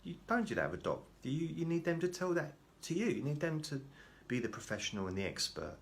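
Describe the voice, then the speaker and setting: A man's voice: a little high, very animated, quick pace, gravelly, a little hiss or hum. A man talking casually to camera in a rambling, self-deprecating way, often restarting his sentences. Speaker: vlogger.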